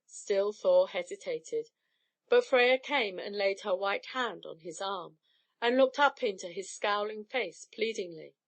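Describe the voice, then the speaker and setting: A woman narrating an old myth as an audiobook, in an expressive storybook style. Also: medium pitch, a little slow.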